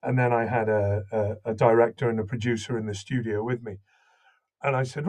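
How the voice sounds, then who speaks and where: A man from Wales with a slight Welsh accent, a voice actor and audiobook narrator telling animated stories in an interview, often restarting his sentences. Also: mid-range voice, normal speed. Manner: animated anecdotal storytelling, many restarts. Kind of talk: interview conversation.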